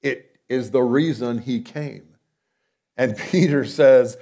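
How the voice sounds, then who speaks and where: A man takes his time delivering a sermon in a conversational way. Rhetorical questions run through it, and he shifts between loud emphasis and soft, low asides.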